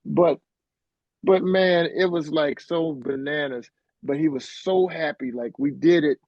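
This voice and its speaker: Animated middle-aged man telling a story. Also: on the high side, a little slow, dry recording, highs cut off. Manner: animated, acts out quoted voices. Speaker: interview guest, musician. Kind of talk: casual storytelling.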